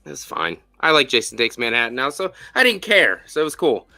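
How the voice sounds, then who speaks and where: Animated, bright-voiced man chatting. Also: medium pitch, a little fast, a little hiss or hum. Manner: animated and profane, with lots of fillers. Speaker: podcast host. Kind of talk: casual spoiler review chat.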